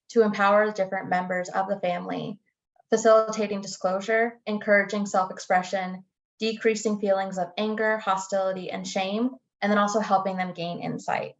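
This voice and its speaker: A woman co-presenting a recorded lecture, reading through a list of points in a measured way. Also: medium pitch. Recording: dull, lo-fi audio.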